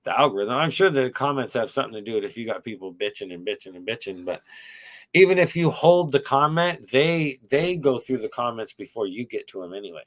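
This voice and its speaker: A man's voice: mid-range voice, lively intonation, a little fast, a bit bright. A middle-aged man hosting a casual podcast chat, telling rambling, profane, wry stories about his YouTube channel.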